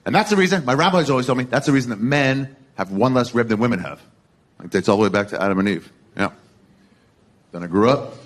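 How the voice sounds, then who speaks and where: A man's voice: mid-range voice, lively intonation, fast talker. A man in his forties doing a crude, conversational stand-up set on a comedy club stage with a handheld mic. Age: 40s. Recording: live comedy set with loud crowd laughter.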